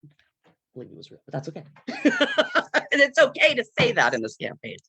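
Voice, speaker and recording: In an unscripted panel discussion heard over a video call, a speaker talks earnestly but haltingly, hunting for words amid many fillers and nervous laughs. The mid-range voice swings hugely in pitch, with a bright, forceful, slightly rough tone and no echo.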